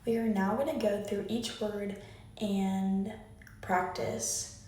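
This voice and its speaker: A woman teaching a phonics lesson in a soft, mellow voice. She patiently quizzes the listener and leads clap-along drills. Her voice rings around a very echoey room, picked up from well away from the mic. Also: mid-range voice, far from the mic, a little hiss or hum.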